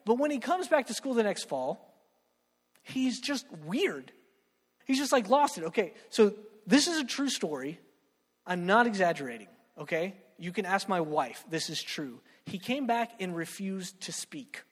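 A young man preaching a sermon in an animated, joking way, checking in with the crowd with a constant "right?". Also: high voice, unhurried. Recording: long hall reverb.

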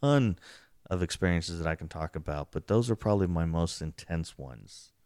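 A man casually telling an excited story about a paranormal investigation, acting out what was said. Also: normal speed, no echo, studio quality. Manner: excitable, acts out quotes, rising pitch when telling.

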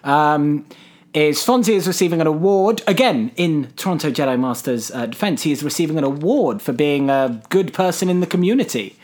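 A man's voice: a little high, lively intonation, a little fast, a little mellow. A man co-hosting a casual podcast, rambling and laughing often. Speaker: podcast co-host. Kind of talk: casual chat reviewing a sitcom episode.

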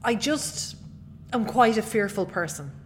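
A woman's voice: medium pitch, animated, measured pace, slight background noise. A young woman hosting a podcast, talking casually and acting out her own inner voice with self-deprecating humor. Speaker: podcast host. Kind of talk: casual motivational monologue.

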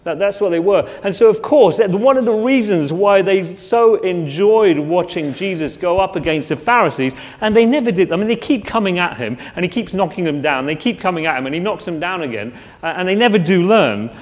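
A man's voice: high voice, expressive, fairly quick, hardly any pauses. Conversational male preacher in a reverberant hall. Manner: conversational, with frequent restarts and rhetorical questions. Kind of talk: sermon.

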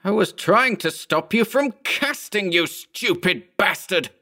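A panicked balding man in his thirties, put on by a male narrator yells in a strained, far higher voice than the narrator's own. He swears and shrieks as his nerves fray in this audio story. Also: expressive, normal speed, vocal fry, exaggerated voice. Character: panicked balding thirty-year-old man, foul-mouthed.

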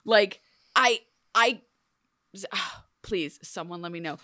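A woman co-hosting a casual TV recap chat, sarcastic and animated, with many "like"s. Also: medium pitch, takes it slowly, dry recording, clean studio sound. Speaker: podcast co-host.

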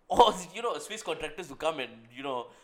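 A man's voice: on the high side, very animated, a little fast. A man with a Malaysian English accent co-hosting a podcast, joking and explaining in casual chat with frequent "right?" tags. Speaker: podcast co-host.

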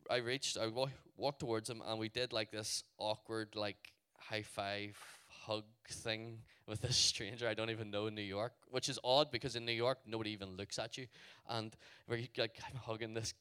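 A man with a Northern Irish accent, telling a story to a youth audience in an animated way, full of "like" fillers. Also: lowish voice, normal speed, hardly any pauses, clear, resonant tone. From Northern Ireland. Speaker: youth event speaker.

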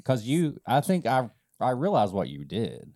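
A man's voice: medium pitch, wildly swooping pitch, measured pace, warm tone, no room sound, clean studio sound. A man co-hosting a casual podcast, trading teasing, playful banter. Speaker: podcast co-host.

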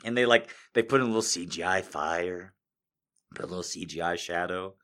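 A man doing a profane, exasperated stand-up rant, mocking what he describes with quick impressions. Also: sits low, sharp tone. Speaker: comedian.

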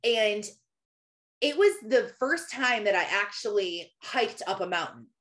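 A woman in her thirties talking about faith in a relaxed, chatty storytelling way. She fills her speech with casual fillers, and her voice sits in a mid-range pitch. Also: a little slow. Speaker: Christian speaker. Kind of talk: personal faith talk.

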